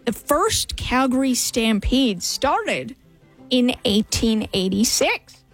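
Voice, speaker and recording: A woman hosting a radio show, running a playful trivia quiz with a bright, upbeat manner. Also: high voice, big pitch swings, slow, soft background music. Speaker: radio host.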